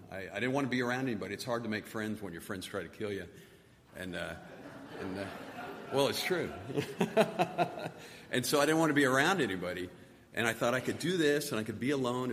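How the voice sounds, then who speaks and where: A middle-aged man giving a personal testimony, halting and soft-spoken, often repeating his words. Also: fairly low pitch. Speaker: testimony speaker. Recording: long hall reverb, faint noise.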